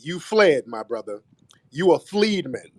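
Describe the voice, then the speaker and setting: The host of a live audio chat room, this man confronts callers in a mocking, combative way and keeps repeating "brother." His voice is fairly high, sing-song, slightly rough, and a little slow, with no room sound.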